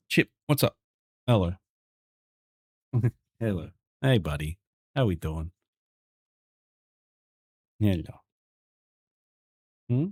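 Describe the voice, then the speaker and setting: An Australian man from Brisbane, a variety streamer and game developer, chatting casually with his viewers and greeting them by name. He often keeps his voice hushed so the game won't hear him. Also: deep voice, expressive, drawn-out words, long pauses, breathy edge, no echo. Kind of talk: casual livestream chat with viewers.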